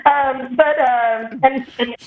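Woman, podcast co-host, casual storytelling, lively quoted voices, echoey tinny phone-like sound, faint noise. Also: high voice, takes it slowly. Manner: animated, quoting others in lively voices.

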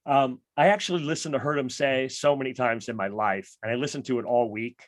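A man hosting a podcast, talking casually and enthusiastically about music, full of "like" and quick asides. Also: mid-range voice, fairly even intonation, no room sound, studio quality. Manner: enthusiastic, rambling, lots of "like". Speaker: podcast host.

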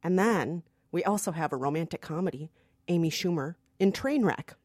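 A woman's voice: fairly low pitch, lively intonation, moderate pace, a little mellow, no echo, studio quality. A woman co-hosting a casual movie chat, teasing her co-host and giggling often. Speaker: culture producer, co-host.

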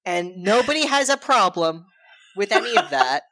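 A woman's voice: mid-range voice, no room sound. A woman co-hosting a podcast, casually recapping a film's plot in a loose, irreverent way and briefly acting out characters' lines. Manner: animated, acts out characters' lines in quick put-on voices; loose and irreverent, with frequent fillers and profanity. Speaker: podcast co-host.

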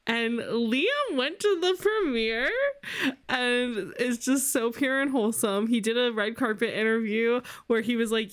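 A woman's voice: a little high, measured pace, smooth. A young woman co-hosting a podcast, gushing emotionally in casual chat and laughing often. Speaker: podcast co-host.

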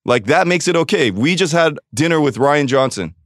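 A man's voice: a little high, expressive, normal speed, no room sound, clean studio sound. A man from Los Angeles, a podcast guest telling a personal story in blunt, profane casual chat, acting out what others said to him. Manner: blunt, profane storyteller who acts out quotes.

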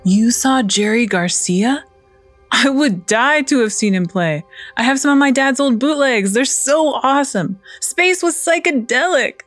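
A woman's voice: deep voice, moderate pace, soft background music, lightly acted. A woman voicing a cocky young hippie man who talks in casual slang and turns defensive. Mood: excited.

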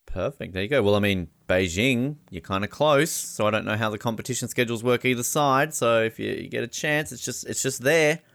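A man's voice: mid-range voice, fairly quick, vocal fry, hardly any pauses, fairly bright tone, dry recording. A man hosting an interview, chatty and joking, calling his guest "mate". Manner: chatty, jokey, says "mate". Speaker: interview host. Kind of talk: casual interview chat.

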